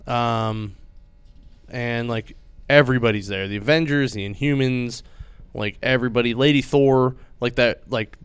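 Male comic podcast host, excited rambling recap, clean resonant voice, dead-dry recording. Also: medium pitch, smooth, no echo. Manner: rambling, filler-heavy, enthusiastic retelling. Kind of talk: casual chat.

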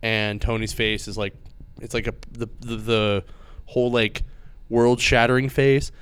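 A man's voice: mid-range voice, little pitch movement, unhurried, a bit bright, smooth, no room sound. A man casually and enthusiastically retelling a comic book's story on a chat show, full of "like" and "uh" fillers. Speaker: comic book podcast host.

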